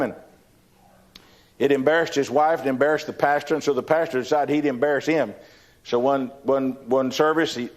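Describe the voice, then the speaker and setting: An older man with a Texan accent, telling a folksy testimony in a sermon, often repeating words as he starts a sentence. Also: medium pitch. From Texas. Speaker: preacher giving a testimony. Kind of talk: storytelling sermon.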